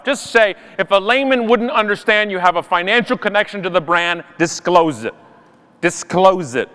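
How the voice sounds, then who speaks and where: Man, sharp-witted keynote storyteller, high voice, long reverb of a big hall. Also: clean tone. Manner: sarcastic, punchy storytelling. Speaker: conference speaker. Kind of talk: comedic keynote talk. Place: large conference hall.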